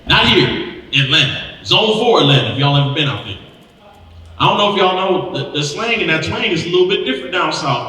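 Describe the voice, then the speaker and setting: A man in his thirties tells stand-up stories from a stage. His voice is bright and sits a little high. The sound comes from far off and rings around a large hall with a long echo. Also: a little fast. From Milwaukee. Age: 30s. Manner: animated storytelling with acted-out voices. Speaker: stand-up comedian. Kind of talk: stand-up comedy set. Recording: echoey hall, mic heard from afar.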